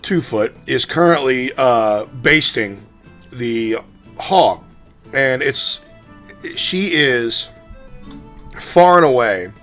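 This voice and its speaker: A man narrating a tabletop game as game master, describing scenes in a relaxed, meandering way with frequent pauses. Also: medium pitch. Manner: relaxed, descriptive, with many ums and restarts.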